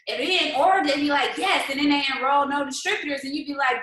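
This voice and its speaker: A woman leading a motivational livestream for her sales team, animated and talking straight to viewers in the comments. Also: high voice, fast talker, hardly any pauses, roomy sound, poor audio. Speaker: network marketing team leader.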